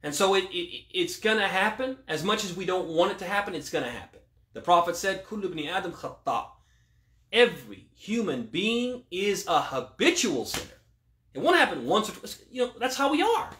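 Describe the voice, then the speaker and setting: A male imam giving a religious question-and-answer talk, asking rhetorical questions, then answering them, and quoting Arabic scripture quickly. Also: sits high, sing-song, a bit bright. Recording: echoey room.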